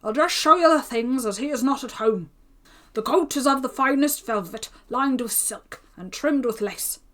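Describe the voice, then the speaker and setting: A woman's voice: sits high, animated, normal speed, fairly bright tone, pitched above the performer's own voice. A woman reading aloud and voicing a pompous, gossiping male tailor who talks in a chatty, self-important way full of exclamations.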